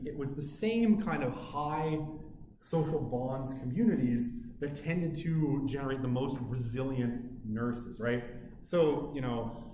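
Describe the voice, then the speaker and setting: Male lecturer, relaxed chatty delivery full of "you know", in a reverberant classroom with faint background hum. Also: mid-range voice. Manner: conversational, frequent "right?" and "you know" tags. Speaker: university lecturer. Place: university lecture room. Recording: echoey room with faint ambience.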